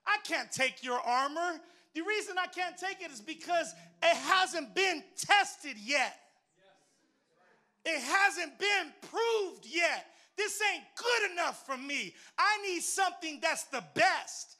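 A woman's voice: very high-pitched, animated, slow, pushed and bright, pitched above the performer's own voice, exaggerated voice. A woman preacher voicing young David in a sermon, emphatic and insistent, repeating herself. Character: young shepherd David, earnest and sure.

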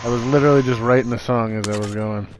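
A man's voice: medium pitch, fairly even intonation, quick pace, over music, poor audio. A young man who makes a gaming channel, chatting casually with friends while they play, joking and laughing often. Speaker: channel creator and gamer.

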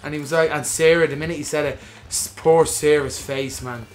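A man's voice: a little high, a little fast. Guy, game-stream co-host, loose and sweary, acts out every quote. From Ireland. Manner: swears freely, animated storytelling with acted-out quotes. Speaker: gaming podcast co-host. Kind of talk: casual chat while playing a game.

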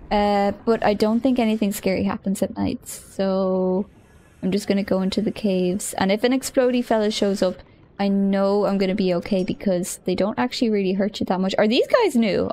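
A woman's voice: medium pitch, darkish tone. A woman streamer chatting casually as she plays, thinking aloud, easily startled and often giggling.

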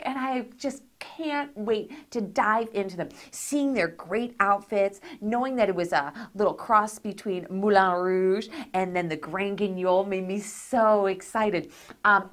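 A woman hosting a doll review, talking excitedly and gushing over each detail with gasps of delight. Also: mid-range voice. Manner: gushing, gasping with delight, chatty. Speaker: host of a doll review channel.

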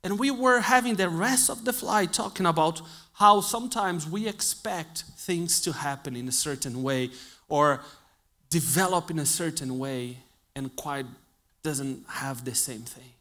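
A male preacher, not an English speaker, telling a funny travel story in a sermon and acting out the dialogue, swinging between loud outbursts and hushed asides. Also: on the high side, measured pace. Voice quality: non-native English phrasing. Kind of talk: sermon with a humorous personal story.

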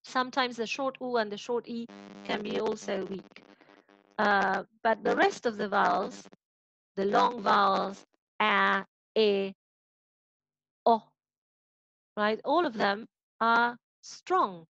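A native Spanish speaker with an Argentine accent gives a patient online phonetics lecture, often checking in with students by asking "right?". Her medium-pitched, slightly bright voice is slow, with vocal fry and long pauses, on a dry, dull recording.

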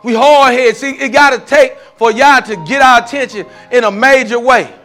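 A man preaching a fervent testimony sermon at a church service, repeating phrases and rising into shouts. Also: very high voice, normal speed, soft background music. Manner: repetitive call-and-response preaching, rising to shouts.

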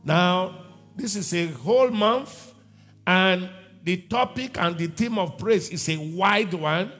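A man's voice: high-pitched, animated, takes it slowly, fairly bright tone, soft background music. A man preaching a sermon as pastor of a church, emphatic and repeating his key phrases.

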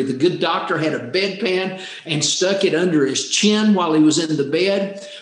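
A man telling a true life story in an earnest way, often repeating words for emphasis. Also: on the high side. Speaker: speaker on happiness. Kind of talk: storytelling talk. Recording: roomy echo.

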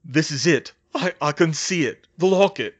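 A man voicing a weak young man in pain, speaking in halting, stammering bursts. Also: medium pitch, steady tone, lightly acted. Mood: gasping.

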